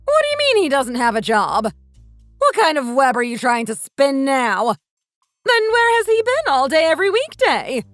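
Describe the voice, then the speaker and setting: Woman doing a bossy spiteful mother-in-law, high lively scolding voice, dry close sound. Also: normal speed, no echo, soft background music, exaggerated voice. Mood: shocked. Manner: scolding, insulting, domineering. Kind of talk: dramatized text-story reading.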